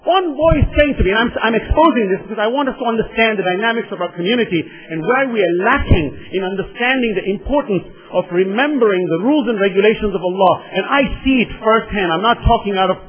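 Impassioned high-voiced male preacher, reverberant hall. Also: fast, few pauses. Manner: impassioned, repetitive, addresses the congregation directly. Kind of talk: sermon. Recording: dull lo-fi sound with long hall reverb.

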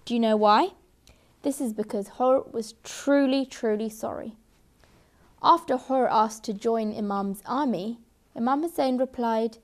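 A woman reading a story to children, gentle and expressive, stressing repeated words. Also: fairly high pitch, unhurried.

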